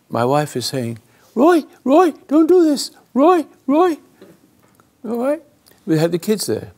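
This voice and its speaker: A man hosting a call-in radio show, telling a story dramatically and swinging between loud and hushed, halting and restarting mid-phrase. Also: mid-range voice, creaky.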